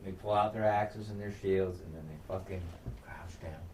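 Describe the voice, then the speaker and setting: A man's voice: low voice, normal speed, very noisy. A man co-hosting a casual recap podcast, swearing a lot as he acts out the scenes. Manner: profane and animated, acting out scenes. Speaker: podcast co-host. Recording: echoey room, distant mic.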